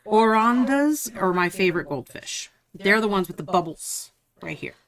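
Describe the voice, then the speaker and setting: A woman's voice: mid-range voice, lively intonation, normal speed. A woman co-hosting a live painting stream, chatting casually and joking, swearing freely.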